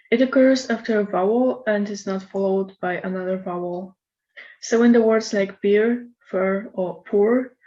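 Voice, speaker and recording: A woman presenting a recorded lecture in a measured, explanatory way. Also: mid-range voice, warm tone. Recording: slightly dull lo-fi recording.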